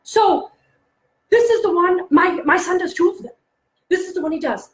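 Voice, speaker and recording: A chatty woman in her thirties gives a solo talk to parents and keeps acting out her son's silly jokes. Her voice sits high. The room around her is echoey. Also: normal speed, a little hiss or hum. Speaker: presenter on parenting and humor. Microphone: close mic, alone presenting online.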